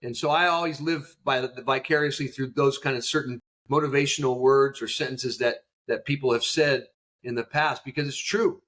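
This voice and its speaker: A man's voice: mid-range voice, steady tone, moderate pace, a bit bright. A middle-aged man, a youth baseball coach, telling stories in a podcast interview with emotion and fire, acting out what he said to his players. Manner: emotional, fired-up storytelling with acted quotes.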